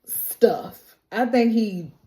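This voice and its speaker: A woman's voice: fairly high pitch, extremely slow, dark tone. A woman recapping a TV episode in a casual, chatty way, with a slangy, colloquial manner, acting out the characters' lines and laughing often. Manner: chatty storyteller, acts out quotes, laughs often. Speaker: TV recap vlogger.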